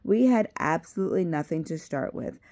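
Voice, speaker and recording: A woman's voice: on the low side, expressive, a little fast, warm tone. A woman reading aloud as a cheerful, earnest male South African educator. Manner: upbeat and earnest.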